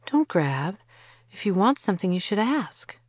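Woman voicing a soft-spoken young woman. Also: medium pitch, sing-song, normal speed, husky, no echo, studio quality, voice pushed up. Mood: firm. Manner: firm then hesitant, soft-spoken. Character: thoughtful young woman, patient.

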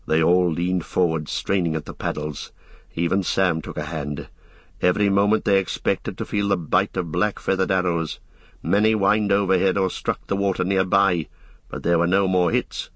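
A man reading a fantasy story aloud as an audiobook narrator, in a steady storytelling manner. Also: deep voice, normal speed, no room sound. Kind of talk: scripted narration.

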